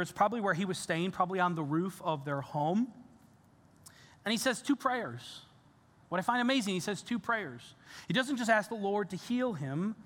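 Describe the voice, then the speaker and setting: Man, pastor, sermon, high voice, earnest, animated, long church reverb. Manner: earnest, animated preaching with casual fillers. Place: church sanctuary.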